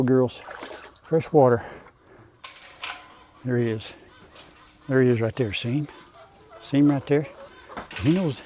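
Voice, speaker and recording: A man's voice: medium pitch, darkish tone, slight background noise. An older man with a drawl, chatting casually to his chickens and his viewers on his farm. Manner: folksy rural drawl, talks to his animals. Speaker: farm vlogger. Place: outdoors in a chicken coop.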